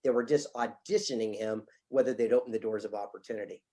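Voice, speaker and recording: A man's voice: lowish voice, steady tone, fast, warm tone. A man guest on an interview show, telling a story dramatically and acting out the voices he quotes. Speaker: guest speaker. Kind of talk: casual interview chat.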